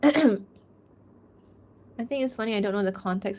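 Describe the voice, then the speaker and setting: A woman's voice: medium pitch, moderate pace, pauses often, a little mellow. A young woman chatting casually on a drawing stream, rambling with lots of fillers and frequent laughs. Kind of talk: casual livestream chat while drawing.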